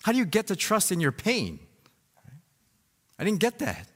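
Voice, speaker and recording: A man's voice: high-pitched, moderate pace. Casual preacher guy, 30s, chatty storytelling, lots of "right?", voice echoing around a big hall. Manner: animated storytelling with many "right?" and "like". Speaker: pastor. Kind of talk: sermon with personal story. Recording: reverberant hall.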